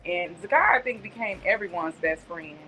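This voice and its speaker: A woman's voice: fairly low pitch, lively intonation, normal speed, background noise. A middle-aged woman, a guest and aunt, reminiscing in a chatty, rambling storytelling way. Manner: chatty storytelling, many asides. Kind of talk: casual reminiscing.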